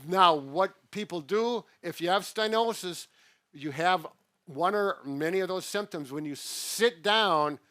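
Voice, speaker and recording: A man co-hosting a relaxed health chat, patiently breaking things down in everyday words with plenty of "uh"s. His voice sits a little on the high side, and the sound is close and dry with no room echo. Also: a little slow. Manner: patient, plain-spoken explaining with frequent "uh" fillers. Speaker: physical therapist co-host. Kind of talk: casual explanatory chat.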